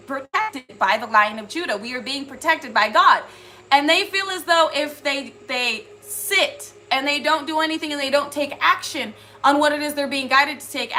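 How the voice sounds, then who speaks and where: A woman's voice: high voice, bright, forceful tone, a little hiss or hum. A woman giving a casual spiritual reading to her viewers, earnest and rambling, with many filler words. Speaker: spiritual reader.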